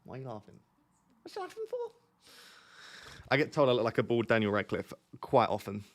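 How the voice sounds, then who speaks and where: A man's voice: on the low side, fast talker. A young man hosting a casual live stream, joking and reading out viewer comments. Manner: joking, reads chat aloud. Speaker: FPL streamer.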